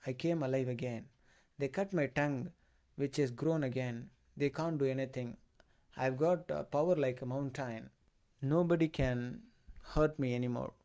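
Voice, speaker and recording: Male literature lecturer, warm mellow tone, somewhat high, informal storytelling. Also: dull audio. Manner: retells the story with loose, halting phrasing and many fillers. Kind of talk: retelling a play in class.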